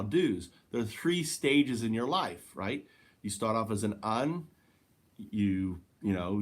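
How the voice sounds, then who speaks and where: A man giving a rambling spiritual monologue, swearing and correcting himself as he goes. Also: mid-range voice. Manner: rambling, profane, self-correcting. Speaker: spiritual teacher.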